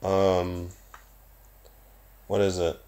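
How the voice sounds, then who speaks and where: A young adult man with a Southern US accent, hosting his own podcast in a casual, profane, rambling monologue with bursts of loud emphasis. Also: low voice, completely flat delivery, drawn-out words, clear, resonant tone. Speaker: podcast host.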